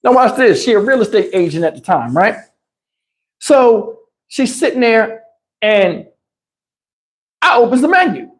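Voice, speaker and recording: Man, livestream storyteller, animated, emphatic, slangy, profane, lapel mic. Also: high-pitched, unhurried, long pauses. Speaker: livestream host. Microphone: wireless lapel mic.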